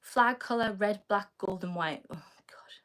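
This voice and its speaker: A woman's voice: mid-range voice, measured pace, fairly bright tone. A young British woman chatting casually on a live stream, reading viewers' comments aloud and answering them in a loose, filler-heavy way. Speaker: livestreamer answering chat.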